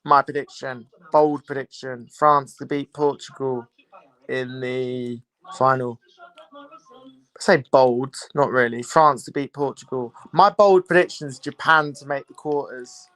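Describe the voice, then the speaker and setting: A man's voice: mid-range voice, steady tone, unhurried, a bit bright. A young man hosting a live football watchalong, chatting casually, repeating himself and greeting viewers. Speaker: livestream watchalong host. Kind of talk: casual live commentary chat.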